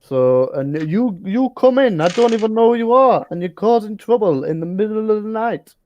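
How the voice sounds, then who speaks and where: A man's voice: fairly high pitch, animated, measured pace, muffled recording. A man voicing a scolding male townmaster in a tabletop game. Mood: stern. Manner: scolding, demanding answers. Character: stern male townmaster, woken at night.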